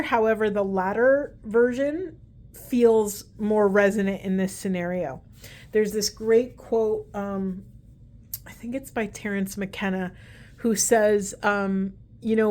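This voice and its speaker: A woman's voice: mid-range voice, a little mellow. Chatty woman doing a spiritual card reading. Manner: chatty, meandering, talks to spirit aloud. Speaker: tarot reader. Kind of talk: casual spoken card reading.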